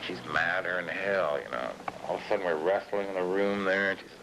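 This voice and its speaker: A man's voice: low voice, brisk, sharp tone, slight background noise, rough recording. A drunk middle-aged man rambling through a profane, self-mocking story. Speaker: poet.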